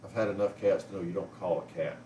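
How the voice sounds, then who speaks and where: A man's voice: sits low, steady tone, fast talker, mellow. A man tells a rambling story at home and coos at his cat in a casual vlog. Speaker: pet vlogger. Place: living room at home. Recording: roomy, mic at a distance, faint noise.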